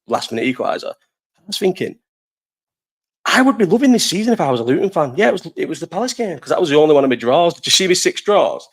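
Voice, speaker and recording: Fairly high-pitched and very animated, this young Bolton man talks fast. He is live streaming with a Lancashire accent, rambling through casual chat with his viewers and responding to their messages, swearing and laughing plenty.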